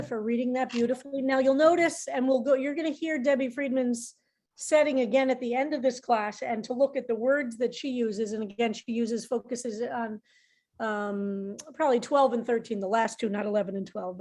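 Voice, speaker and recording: High-voiced woman rabbi teaching. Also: steady tone, normal speed, darkish tone. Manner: explanatory, restarts often. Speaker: rabbi teaching a psalm class. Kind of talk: informal teaching.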